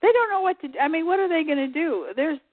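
A woman's voice: very high-pitched, animated, dry recording. Rambling woman on a tinny phone line. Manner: rambling, halting, trails off. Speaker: call-in guest. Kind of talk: casual radio call-in chat.

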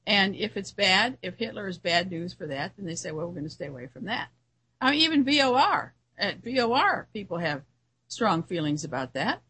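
A woman's voice: medium pitch, very animated, normal speed, bright, forceful tone, breathy edge, rough recording. A woman who hosts a radio show, giving an earnest solo commentary in a musing way, often restarting her sentences.

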